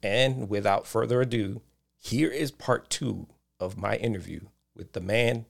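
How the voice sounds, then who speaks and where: Male podcast host, low gravelly voice, announcer-style intro. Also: a little slow. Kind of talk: scripted intro.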